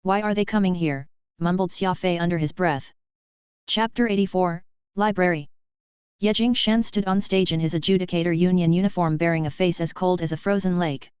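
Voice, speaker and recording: A woman narrating a novel audiobook in a steady, even reading. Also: fairly low pitch, fairly quick, smooth, no room sound. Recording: slightly dull dry recording.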